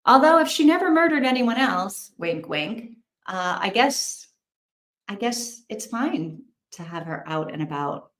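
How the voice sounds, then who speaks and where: A woman's voice: on the high side, animated, measured pace, fairly bright tone, echoey room. A woman hosting a casual livestream, chatting, thinking aloud and reacting to viewer comments. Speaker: livestream host.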